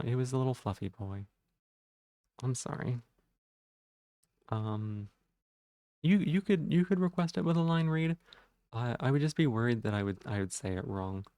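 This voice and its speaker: A man's voice: on the low side, gravelly, a little mellow, no room sound. A man livestreaming, casually reading out viewers' messages and answering them in a rambling way.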